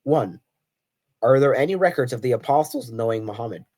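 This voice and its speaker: A man's voice: lively intonation, brisk, darkish tone. A man hosting a solo video, reading scripture verses aloud and arguing his points with pointed rhetorical questions. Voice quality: voice cracks on high notes. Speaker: Christian apologetics video host.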